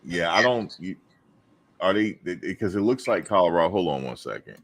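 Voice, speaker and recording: Male stream host with a deep voice, chatty and playful with his audience. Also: brisk. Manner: animated, teasing, talks to viewers and chat. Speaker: show host. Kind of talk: casual live-stream chat.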